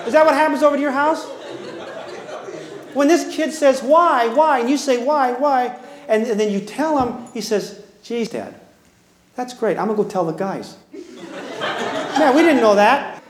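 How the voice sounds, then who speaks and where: A man's voice: extremely high pitch, animated, a little slow, long pauses. Folksy man lecturing in an echoey room. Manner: acts out both sides of dialogues, folksy and teasing. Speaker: parenting seminar speaker. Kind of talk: humorous lecture to an audience.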